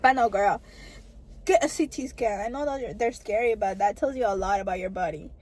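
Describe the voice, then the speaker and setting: A woman's voice: mid-range voice, a little fast, poor audio. A young adult woman vlogging a casual storytime to camera, chatty and full of "like" and "girl" fillers.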